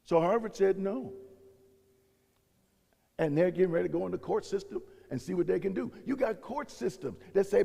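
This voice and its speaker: A man's voice: high voice, normal speed, creaky, pauses often, warm tone, husky. A male pastor preaching a sermon, building in intensity and voicing the people he quotes. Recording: long reverb of a large hall.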